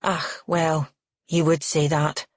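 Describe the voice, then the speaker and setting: A woman's voice: sits low, flat delivery, takes it slowly, no echo, clean studio sound. A woman doing a bitter, sneering aunt. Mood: cold. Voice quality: sneering, contemptuous. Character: disapproving older aunt, bitter and scornful.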